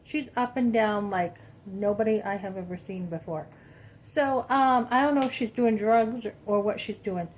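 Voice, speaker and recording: A woman vlogger telling a personal story to her viewers in an animated, indignant, chatty way. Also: medium pitch, moderate pace, a little hiss or hum, poor audio. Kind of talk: casual storytelling to camera.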